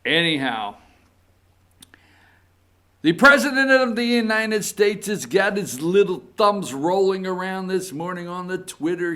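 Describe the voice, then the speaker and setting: A fairly high-pitched man with a Southern US accent talks slowly and takes his time. He hosts a casual political talk show and reads quotes aloud with a folksy, sarcastic edge. His delivery gets animated when he reads the quotes. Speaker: political commentary host.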